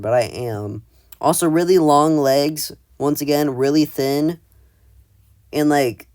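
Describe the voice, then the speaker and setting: A man's voice: fairly high pitch, darkish tone, dry recording, clean studio sound. A man casually ranking his own old artwork, rambling with many fillers and mocking himself. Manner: rambling, filler-heavy, self-deprecating. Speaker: video creator.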